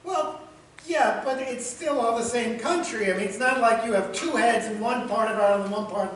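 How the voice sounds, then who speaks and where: An actor playing a pushy, clueless New York theater director who talks over others breezily. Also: male voice, very high-pitched, normal speed. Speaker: actor in a stage comedy. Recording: echoey stage from far off with noise.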